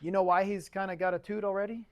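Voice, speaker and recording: A man's voice: high-pitched, level tone, quick pace. A man teaching an automotive class in a chatty, casual lecture style, often asking the students questions. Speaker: automotive instructor.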